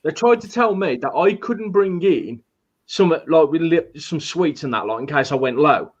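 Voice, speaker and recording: A man's voice: on the high side, animated, normal speed. A man on a casual podcast panel, telling a story plainly with a wry, complaining edge. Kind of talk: casual banter. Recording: dull lo-fi mic.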